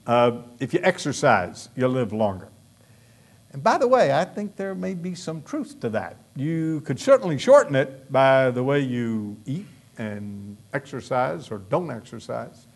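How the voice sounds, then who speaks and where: Lively-voiced male pastor preaching. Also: a little high. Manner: emphatic preaching with rhetorical questions. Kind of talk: sermon.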